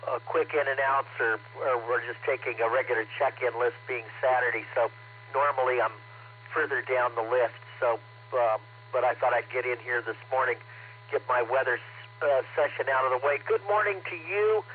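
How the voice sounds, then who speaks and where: A man's voice: mid-range voice, moderate pace. A man from Tennessee checking in on a ham radio net and giving a chatty weather report, with many fillers. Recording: tinny radio transmission with faint hum.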